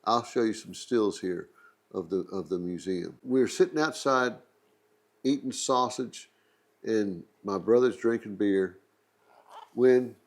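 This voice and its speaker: A man's voice: fairly low pitch, slow, long pauses. Easygoing Texan man telling stories. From Texas. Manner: rambling, joking anecdote with asides. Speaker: museum channel host. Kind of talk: casual storytelling.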